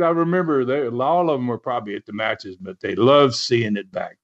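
A man casually telling a wrestling story, animated and chuckling, dropping "man" into his sentences. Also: medium pitch, brisk. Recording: dull lo-fi recording.

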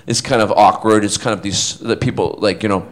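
On stage at a fan convention panel, a middle-aged guest with a lowish voice talks fairly quickly, casually telling funny anecdotes. He's an animated storyteller who acts out the quotes as he goes.

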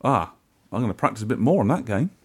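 Fast-talking chatty man. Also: medium pitch, big pitch swings, slightly rough. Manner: chatty, rambling with restarts. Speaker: podcast co-host. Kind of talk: casual chat.

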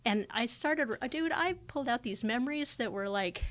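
A woman's voice: fairly high pitch, animated, normal speed. Reflective woman podcast host in her forties. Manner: conversational and thoughtful, often acting out quoted remarks. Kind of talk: casual reflective podcast talk.

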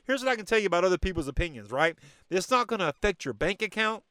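A man delivers a fervent motivational monologue, speaking directly to the listener as a podcast host. His voice sits a touch high and comes across smooth and resonant. The recording is close and dry, with no room sound. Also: sing-song, quick pace, bright, forceful tone, no echo. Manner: emphatic and preachy, direct to listener.

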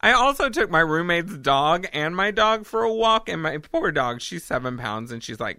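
A woman co-hosting a casual podcast tells stories with lively, swooping intonation and frequent laughter. Her voice is bright and a little sharp. It sounds close and dry. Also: low voice, normal speed, hardly any pauses, no echo. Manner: animated, laughing storyteller. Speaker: podcast co-host. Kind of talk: casual chat, storytelling.

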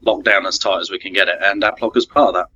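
A young man with an English accent, a consultant guest on a podcast, talking casually with hesitant fillers and quick laughs. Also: low voice, fairly even intonation, bright, forceful tone, husky. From England. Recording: dull lo-fi sound.

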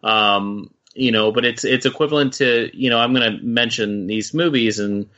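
A man's voice: mid-range voice, moderate pace, sharp tone, muffled recording. A man co-hosting a film podcast, chatting casually and rambling with lots of swearing. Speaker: podcast co-host.

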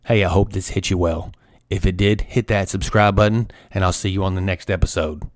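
Intense low-voiced motivational man. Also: fairly even intonation, brisk, dry recording, studio quality. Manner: intense, emphatic, repeats key phrases. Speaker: motivational podcast host, former coach. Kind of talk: motivational storytelling.

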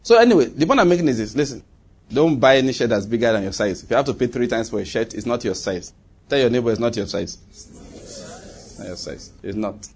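Emphatic preacher, husky man. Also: mid-range voice, lively intonation, fast. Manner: emphatic, repeats phrases, swings from loud to quiet. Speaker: pastor. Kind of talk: sermon.

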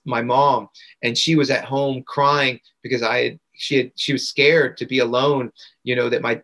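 Here an integration coach is interviewed for a podcast, earnestly telling a story about himself and circling back to key phrases for emphasis. He has a medium pitch and a fairly bright tone.

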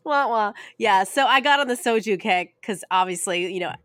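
A woman's voice: medium pitch, fairly quick, a bit bright. A woman co-hosting a podcast in casual chat, bubbly and laughing often. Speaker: podcast co-host.

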